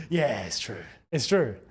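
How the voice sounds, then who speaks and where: A young man with a London accent hosting a live football watchalong, chatting in slang and breaking into excited shouts at big chances. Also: medium pitch, slightly rough. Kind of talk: live match watchalong commentary.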